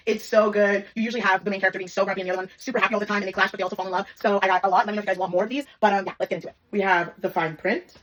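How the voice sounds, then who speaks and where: A woman in her twenties, a book influencer, giving quick, bubbly book recommendations to camera. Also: mid-range voice. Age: 20s. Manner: bubbly and quick, gushing over books.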